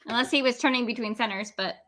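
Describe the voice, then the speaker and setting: A woman's voice: on the high side, fast, fairly bright tone. A woman co-hosting a casual livestream chat who laughs easily. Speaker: co-host.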